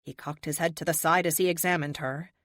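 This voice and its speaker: A woman narrating an audiobook with steady, expressive storytelling. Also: low voice, fairly quick, dry recording, studio quality. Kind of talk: scripted narration.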